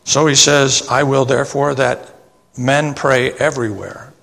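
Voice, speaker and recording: A man preaches from the pulpit of a church sanctuary, his voice carrying a long hall reverb. He reads scripture verses slowly and breaks off into plain, homely explanations. His pitch sits in an ordinary middle range. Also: steady tone, creaky, fairly bright tone. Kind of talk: sermon with scripture reading.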